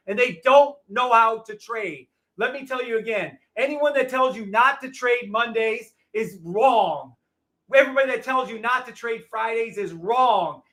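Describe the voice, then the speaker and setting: A man hosting a live trading show, ranting in a loud, profane, combative way to his viewers. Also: very high-pitched. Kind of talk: heated livestream rant.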